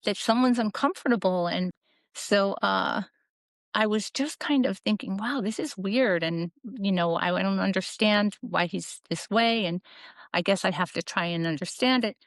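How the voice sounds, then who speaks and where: A middle-aged woman with a mid-range voice tells her life story as a podcast guest at a moderate pace, earnest and reflective. She acts out the voices of the people she quotes in this candid personal storytelling. The recording is dry and close, with no echo and almost no room sound.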